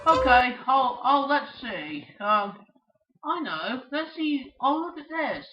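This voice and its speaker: A man performing toy characters in a playful fan video, shouting and giggling between voices. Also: very high-pitched, big pitch swings, slow, lo-fi sound, over music. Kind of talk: playful toy-play acting.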